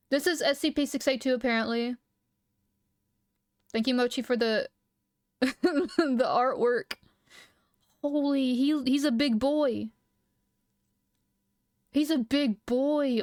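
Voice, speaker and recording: A young woman streaming live, reading lore aloud and chatting with viewers, excitable and quick to laugh. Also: sits high, no echo, clean studio sound. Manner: excitable, giggly, reacting loudly.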